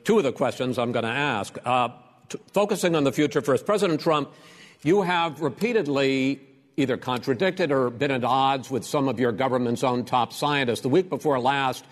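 Male moderator, firm and precise, mid-pitched, long reverb from the hall around him. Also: moderate pace. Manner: firm, precise, cutting in to redirect. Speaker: debate moderator. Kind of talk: moderating a live debate. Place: debate hall.

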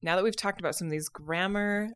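A woman's voice: fairly low pitch, quick pace, fairly bright tone, smooth. A woman with a Utah accent co-hosting a podcast, telling stories in casual chat and laughing often. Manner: chatty storyteller, laughs often. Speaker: podcast co-host.

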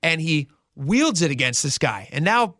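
Radio host guy, kinda high voice, telling a story and doing the quotes, dry studio sound. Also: normal speed, dry recording. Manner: animated storyteller, acts out quotes. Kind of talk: casual talk radio storytelling.

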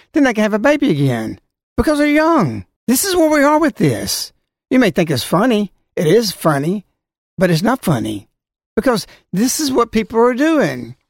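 A man's voice: sits high, no room sound, studio quality. A man giving a scolding religious talk, full of rhetorical questions and warnings. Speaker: religious speaker. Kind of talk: preaching talk.

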